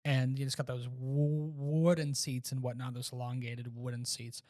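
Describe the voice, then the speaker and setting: A man co-hosting a casual movie-review podcast, retelling scenes in an animated way and often restarting his sentences. His voice sits at a middle pitch and is recorded close and dry, with no room sound. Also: normal speed, dry recording. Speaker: podcast co-host.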